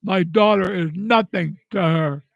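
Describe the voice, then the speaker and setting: A tearful older man with a high, gravelly voice speaks slowly, stumbling and repeating words in anger and grief. The sound is dull and lo-fi, close and dry. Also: no echo. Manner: halting, repeats words, angry and grieving. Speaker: vlogger. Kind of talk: emotional personal monologue.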